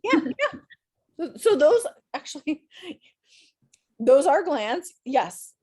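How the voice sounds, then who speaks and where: A woman's voice: sits high, sing-song, takes it slowly, a little mellow. A woman teaching an online class over a video call, chatty and encouraging, her voice tired after a day of teaching. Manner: chatty, encouraging, upbeat with students.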